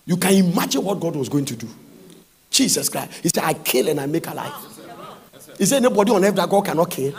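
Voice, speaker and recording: Man, preacher, gravelly, wildly animated voice, sing-song shouting sermon. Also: high-pitched. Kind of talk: sermon with Bible reading.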